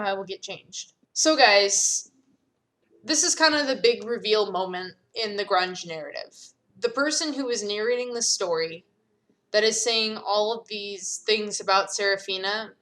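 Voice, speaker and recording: Brief: young woman developer, candid, halting casual commentary, mid-pitched. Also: a bit bright. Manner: candid, halting, with fillers and pauses. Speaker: game developer.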